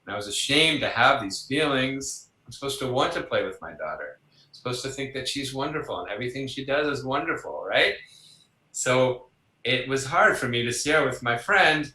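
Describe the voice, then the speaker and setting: Man, bright voice, lively storytelling, acts out quotes, echoey room. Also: mid-range voice, normal speed. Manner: animated, acts out quoted voices, laughs along. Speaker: psychologist guest. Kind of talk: conversational interview storytelling.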